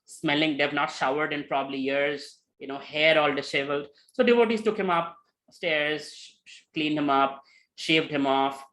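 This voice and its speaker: A man giving a spiritual talk, telling a story with lively retellings and many fillers. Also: on the high side, normal speed, low-quality recording. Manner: animated, with many fillers and acted quotes. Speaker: spiritual teacher.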